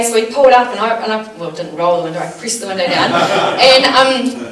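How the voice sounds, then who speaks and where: A woman teaching a small church group, telling personal stories in an earnest, animated way with lots of fillers. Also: mid-range voice, a little fast, hardly any pauses. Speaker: church speaker. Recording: roomy sound from a distant mic, faint background noise.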